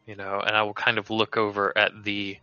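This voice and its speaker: A man playing a tabletop game online, relaxed and a little hesitant, over dull lo-fi call audio. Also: lowish voice, a little fast, smooth, faint music behind. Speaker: player. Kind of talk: casual tabletop game chat.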